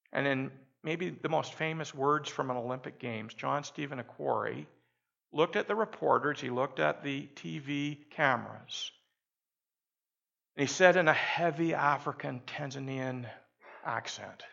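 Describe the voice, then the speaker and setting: A man's voice: a little high, moderate pace, creaky, fairly bright tone. A male pastor preaching a sermon, telling a story emphatically and leading the congregation to repeat his words before he prays. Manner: emphatic storytelling that builds to calls for the congregation to repeat after him. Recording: dull lo-fi sermon recording.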